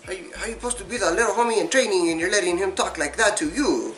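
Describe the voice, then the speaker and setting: A man's voice: high voice, lively intonation, quick pace, a bit bright, distant mic, soft background music, voice pushed up. A man voicing a swaggering young homie, slangy and cocky. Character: swaggering young male cholo-style homie.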